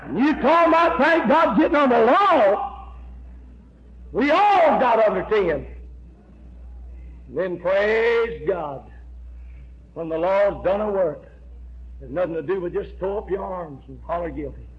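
A man preaching a fiery revival sermon, emphatic and repetitive, building to shouts as he tells his story. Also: sits high, expressive, a little slow, pauses often. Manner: emphatic, repeats "I tell you" and "amen", rises to shouts. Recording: dull lo-fi recording with faint hiss.

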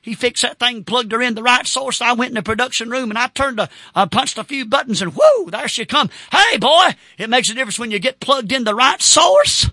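Fervent high-voiced preacher man. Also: expressive, a little fast, hardly any pauses, no room sound, clean studio sound. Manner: fervent, shouting bursts and whoops. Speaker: Baptist pastor. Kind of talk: sermon.

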